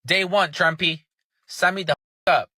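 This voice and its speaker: A man's voice: high-pitched, steady tone, normal speed, pushed and bright, no room sound. A man ranting angrily and sarcastically, swearing heavily in casual commentary. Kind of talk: angry profane rant.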